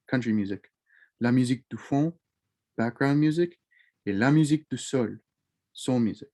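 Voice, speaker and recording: Relaxed man teaching French vocabulary. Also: mid-range voice, normal speed, pauses often. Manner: relaxed, repeats each French word then glosses it in English; loose delivery with frequent ums and self-corrections. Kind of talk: casual recorded lesson.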